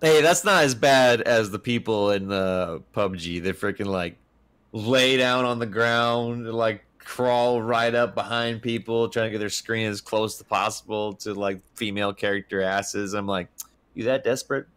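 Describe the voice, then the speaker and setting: A man's voice: fairly low pitch, unhurried, fairly bright tone, clear, resonant tone. A young man co-hosting a casual chat, joking and teasing in a laughing manner. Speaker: podcast co-host.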